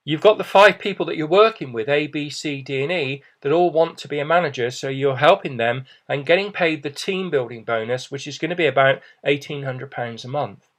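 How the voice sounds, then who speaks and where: A man's voice: fairly high pitch, a little fast, hardly any pauses, a bit bright. A middle-aged man giving a persuasive business presentation, reassuring and often adding "okay" and "you know".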